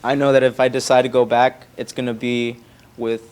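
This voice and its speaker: Brief: young man, mid pitch, earnest, quiet trailing delivery, plain conversational. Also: flat delivery, brisk, slight background noise. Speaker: church member. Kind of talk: casual personal storytelling.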